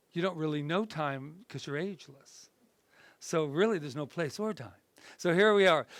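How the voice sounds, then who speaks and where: A man, a reverend, teaching a spiritual class in a relaxed, conversational way, often rambling and acting out little voices from his stories. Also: on the high side, gravelly, no echo. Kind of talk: casual spoken talk.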